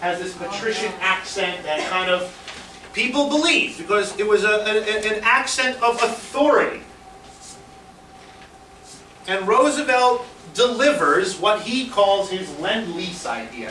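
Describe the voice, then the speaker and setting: Animated man lecturing in echoey room. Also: high voice, unhurried. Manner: animated storytelling with fillers, acts out quotes. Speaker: history teacher. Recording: roomy echo, distant mic, faint hiss.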